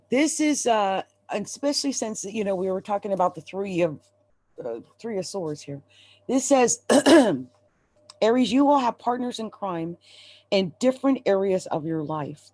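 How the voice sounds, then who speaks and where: A woman gives a live tarot reading in a mid-pitched voice, speaking straight to her viewers. She is emphatic and urgent as she urges them not to give up, and at times she is close to tears. The sound is dry, with no room echo. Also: a little mellow. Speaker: astrologer and tarot reader.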